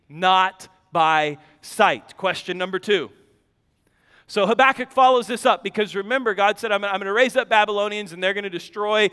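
A man preaching a sermon, reading scripture aloud with animated, joking asides. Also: high voice, clear, resonant tone. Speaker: pastor. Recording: long hall reverb.

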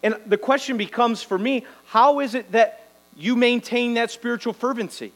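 A man's voice: extremely high pitch, normal speed, rough recording. A man preaching a sermon, exhorting the congregation and tagging lines with "right?". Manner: exhorting, rhetorical "right?" tags. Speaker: pastor.

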